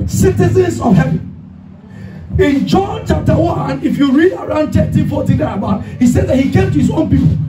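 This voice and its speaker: A man's voice: very high-pitched, lively intonation, fairly quick, hardly any pauses. A man preaching a sermon as pastor, emphatic and calling the congregation to repeat after him. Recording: echoey hall, distant mic, music behind.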